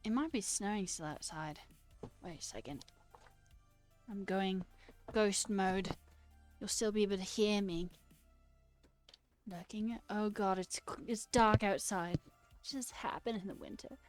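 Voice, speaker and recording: A woman with a mid-range voice chats loosely with her stream viewers, playful and rambling as she replies to their comments. Soft music plays faintly behind her. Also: medium pitch, a little slow, pauses often. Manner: playful, rambling, chatty, answers chat out loud. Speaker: live streamer. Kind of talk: casual live-stream chat with viewers.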